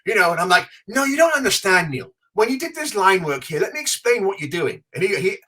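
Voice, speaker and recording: A man co-hosting a podcast, telling an animated story in casual chat and acting out the quotes. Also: sits high, fast. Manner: animated, acts out quotes with big swings. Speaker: podcast co-host.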